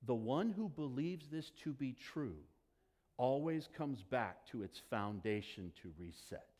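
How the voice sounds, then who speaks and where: A male pastor preaching a sermon, emphatic, dropping to quiet asides and building to rising declarations. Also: mid-range voice, expressive, unhurried. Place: church sanctuary. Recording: long hall reverb.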